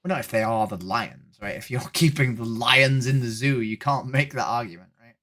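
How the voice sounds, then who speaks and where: A woman's voice: a bass voice, normal speed, fairly bright tone. A woman streamer, debating strangers on a video chat in a casual, probing way. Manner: argumentative, probing questions, says "right?" a lot.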